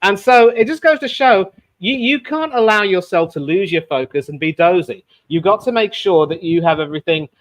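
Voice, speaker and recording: A man hosting a casual sports chat, talking in an animated way with many fillers and restarts. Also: sits high, normal speed. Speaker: sports show host.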